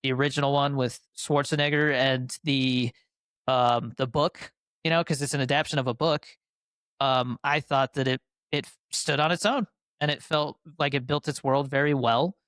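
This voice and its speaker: Smooth-voiced man chatting about films. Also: medium pitch, steady tone, moderate pace, fairly bright tone, no room sound, studio quality. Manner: rambling, filler-heavy, enthusiastic. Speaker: podcast co-host. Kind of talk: casual film review chat.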